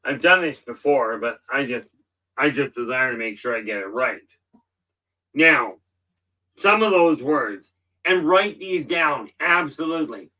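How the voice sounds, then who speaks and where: A man hosting a livestream, giving an earnest motivational talk and stressing key words slowly. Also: medium pitch, lively intonation, sharp tone, recorded from a distance, low-quality recording. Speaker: livestream host.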